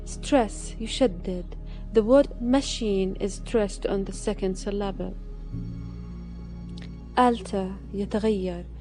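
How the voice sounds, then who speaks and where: A woman with a soft, mellow tone works through a vocabulary list. She reads each word and its example sentence at a slow, measured pace, like a teacher. Quiet music plays faintly underneath. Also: mid-range voice. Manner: slow, measured reading, one word at a time.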